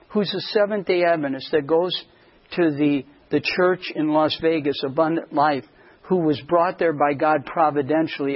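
A man's voice: on the high side, husky. Pastor guy preaching, acts out the voices in his story, muffled lo-fi sound. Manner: animated storyteller acting out dialogue. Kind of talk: sermon storytelling. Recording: dull lo-fi sound.

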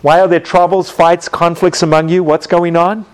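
Guy teaching a bible class, bit high voice, acts out little scenes, asks the room questions. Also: normal speed, clear, resonant tone. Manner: animated storytelling, acts out scenes with sound effects.

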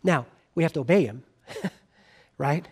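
A man preaching a sermon in an earnest way, rising to emphatic lines and dropping to quiet, soft appeals, with frequent restarts. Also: a little high, slow pace, breathy edge.

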